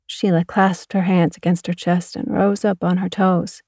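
A woman narrating a first-person audiobook in a measured, even way. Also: fairly low pitch, creaky, dry recording, studio quality.

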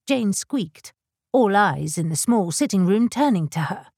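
A woman reading a historical romance novel as a measured, even narrator. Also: medium pitch, slightly rough, dry recording, studio quality. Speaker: audiobook narrator. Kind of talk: scripted narration.

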